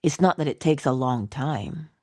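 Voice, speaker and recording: A middle-aged woman giving a motivational morning talk, speaking slowly and deliberately and answering her own rhetorical questions. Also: sits low, lively intonation, a little mellow, no room sound, clean studio sound. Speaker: inspirational speaker.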